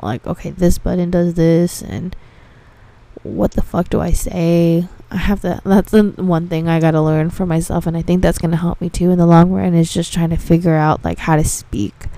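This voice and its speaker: A woman's voice: lowish voice, mellow, dry recording. A young woman hosting a casual podcast monologue, rambling, swearing freely and filling with "like". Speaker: podcast host.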